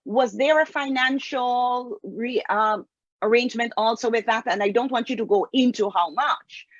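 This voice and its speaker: A woman host asking careful, deliberate interview questions. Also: fairly high pitch, no room sound. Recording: dull lo-fi sound.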